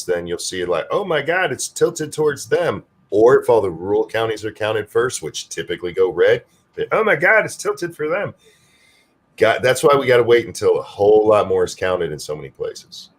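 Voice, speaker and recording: A man from Michigan co-hosting a live stream, talking bluntly and casually and swearing now and then. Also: on the low side. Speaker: co-host.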